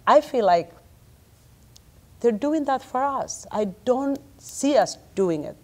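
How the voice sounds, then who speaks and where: A woman speaking on a community panel, impassioned and halting, with frequent restarts and fillers. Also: high voice, lively intonation.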